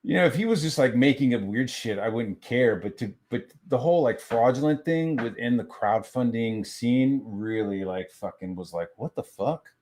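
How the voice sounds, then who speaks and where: A man's voice: mid-range voice, expressive, normal speed, hardly any pauses, a little mellow. A man and crowdfunding creator ranting casually on a stream, heated and swearing constantly, often restarting his sentences. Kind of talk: profane casual rant on a stream.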